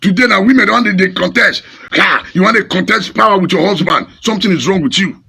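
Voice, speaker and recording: A Nigerian pastor delivering a fiery, scolding sermon in Pidgin-laced English. His voice is high, bright and gravelly, with wild pitch swings, and it has a raspy, husky edge. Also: fast talker.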